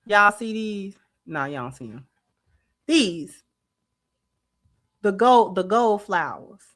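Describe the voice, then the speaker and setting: A middle-aged woman, hosting a casual livestream and talking straight to her viewers in an animated, drawling way. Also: mid-range voice, takes it slowly. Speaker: channel host.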